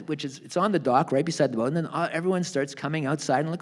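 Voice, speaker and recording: Animated male storyteller on stage. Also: a little high, fast, hardly any pauses. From Canada. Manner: animated storyteller acting out quoted voices. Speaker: author being interviewed. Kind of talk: live onstage book talk. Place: theatre stage.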